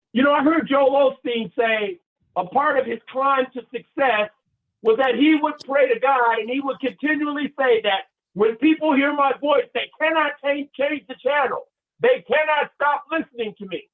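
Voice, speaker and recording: A man giving a motivational talk, animated and preacherly, leading his listeners in call and response and telling stories. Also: very high voice. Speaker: motivational speaker. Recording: tinny phone-line sound.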